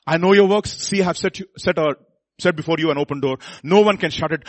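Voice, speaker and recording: Husky-voiced preacher man, loud and soft. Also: on the high side, fast, dry recording. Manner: swings from quiet to loud exhortation, repeats words; calls the congregation to repeat lines. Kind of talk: sermon.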